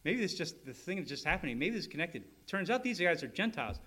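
With a high-pitched, fairly bright voice, big pitch swings, and a fast pace, the male pastor delivers his sermon. He explains each point in steps, restarts a lot, and keeps asking his listeners "right?"

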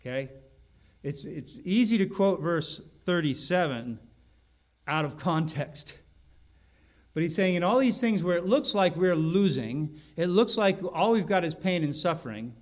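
A man's voice: high voice, animated, a little slow. A man preaching an expository sermon, explaining a Bible passage in an earnest way and repeating key words for emphasis.

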